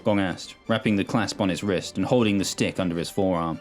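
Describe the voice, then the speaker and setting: Deep-voiced male story narrator. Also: brisk, soft background music. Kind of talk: scripted narration of an audio story.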